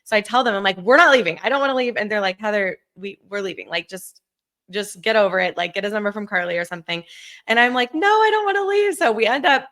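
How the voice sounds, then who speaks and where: A woman in her thirties telling a story on a podcast, animated, acting out quotes and laughing often. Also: mid-range voice, fast talker. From Southern California. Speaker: podcast co-host. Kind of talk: casual storytelling chat.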